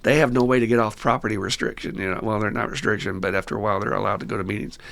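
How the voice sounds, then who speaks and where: A man's voice: lowish voice, steady tone, very fast, vocal fry, a bit bright. A man, hosting a podcast and telling stories in a loose, casual way, laughing often and swearing now and then. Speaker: podcast host and recovery sponsor. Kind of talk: casual storytelling chat.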